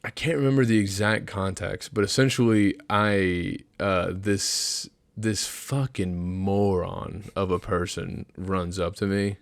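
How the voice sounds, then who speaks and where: A man's voice: low-pitched, measured pace, creaky, few pauses, no echo. A young man, a podcast co-host, telling a story in casual chat, swearing a lot and acting out what people said. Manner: profane, animated storyteller acting out quotes.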